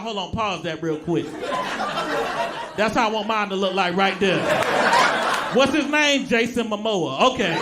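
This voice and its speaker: Very high-voiced man doing stand-up. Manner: laid-back, giggly, gets loud at punchlines. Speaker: stand-up comedian. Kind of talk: stand-up comedy set. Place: comedy club stage with audience. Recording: live club recording with crowd noise. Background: audience laughter.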